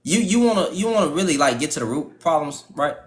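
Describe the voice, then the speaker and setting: A man's voice: on the high side, expressive, fast talker. A man hosting a live panel stream, ranting profanely with restarts, stutters and laughter. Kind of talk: casual live-stream talk.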